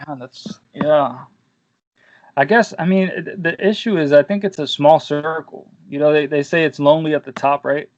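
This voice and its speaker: A man's voice: a little high, moderate pace, muffled recording. A man hosting a casual podcast chat, telling rambling stories full of slang and swearing. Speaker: podcast host.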